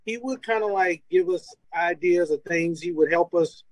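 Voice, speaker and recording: Poor audio captures a high-voiced former college football player from Louisiana telling stories at a moderate pace as an interview guest. His casual storytelling is animated, full of laughter and acted-out quotes.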